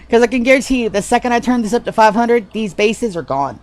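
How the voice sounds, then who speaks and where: A woman's voice: a little high, expressive, fast talker, hardly any pauses, dry recording. A woman streaming a game live, chatting casually and swearing freely with a self-mocking, sarcastic manner. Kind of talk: casual live gameplay chat.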